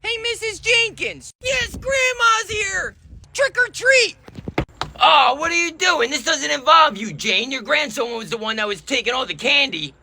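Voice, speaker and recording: A comedian acts out a whole neighborhood squabble alone, jumping between characters in a high, lively voice. The tone is bright and edgy with some gravelly fry. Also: normal speed, few pauses, a little hiss or hum. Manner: switches between put-on voices, often shouting. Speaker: sketch comedian playing every role. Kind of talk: one-man comedy sketch with many voices.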